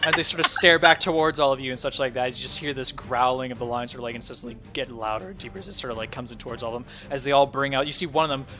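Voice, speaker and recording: A man's voice: mid-range voice, fairly even intonation, rapid-fire, few pauses, over music. A man narrating as game master in a casual tabletop game, rambling with lots of fillers. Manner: rambling, filler-heavy, laughing asides.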